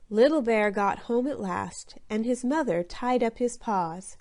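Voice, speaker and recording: Slow, clear woman narrating a storybook. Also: on the high side, lively intonation, darkish tone. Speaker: audiobook narrator.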